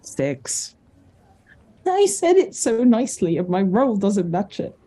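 A woman's voice: medium pitch, big pitch swings, slow pace, dark tone, husky. A woman playing a tabletop game, explaining her character's tactics and reacting to her dice rolls. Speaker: player. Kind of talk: casual tabletop game play.

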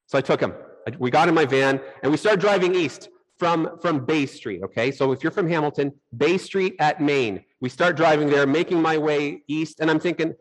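A man's voice: on the high side, normal speed, hardly any pauses, low-quality recording. A middle-aged man preaching a sermon, telling personal stories and acting out his own reactions. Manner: animated storytelling, acts out his own reactions. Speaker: pastor.

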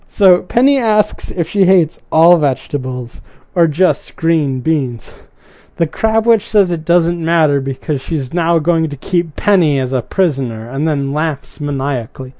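Man, casual episode recap, mellow tone, dry sound, chatty, opinionated asides. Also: on the high side, expressive, measured pace, no echo. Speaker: show recapper.

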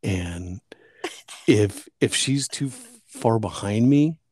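A man's voice: on the low side, animated, slow pace, darkish tone, dry recording. A man co-hosting a podcast, chatting casually and joking about his dogs, swearing freely and acting out what the dog and neighbors would say. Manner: joking, profane, acts out his dog and neighbors in funny voices. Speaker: podcast co-host. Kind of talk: casual chat.

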